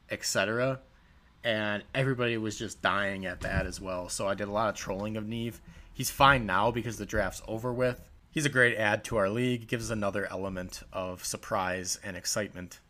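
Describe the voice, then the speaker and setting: A young man with a fairly low voice tells stories in a casual, offhand monologue. His delivery is sarcastic and mocking as he runs through his account as a league commissioner. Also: a bit bright. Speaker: fantasy football league commissioner.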